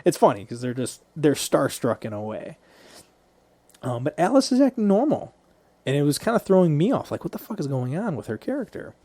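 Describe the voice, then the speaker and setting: A man's voice: fairly high pitch, big pitch swings, brisk, dark tone, husky, no room sound. A man co-hosting a podcast, recapping a movie scene by scene in a loose, profane, storytelling way. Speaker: podcast co-host.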